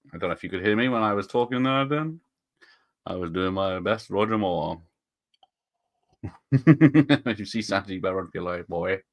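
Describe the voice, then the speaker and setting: Low-voiced man chatting with his stream. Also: a bit bright, no room sound, studio quality. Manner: chuckling, rambling, reads chat comments aloud. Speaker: live stream host. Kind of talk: casual live chat with viewers.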